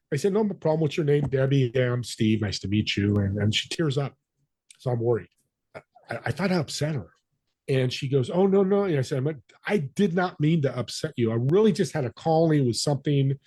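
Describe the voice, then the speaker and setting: A man guest on a podcast telling a story, acting out the voices of people in it with lively energy. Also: mid-range voice, husky, no echo. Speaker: podcast guest, business connector. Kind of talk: storytelling interview talk.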